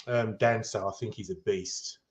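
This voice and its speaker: A man talking as a guest fan in casual football chat, halting and restarting often but upbeat. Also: lowish voice, steady tone, echoey room. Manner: hesitant, many fillers and restarts, upbeat.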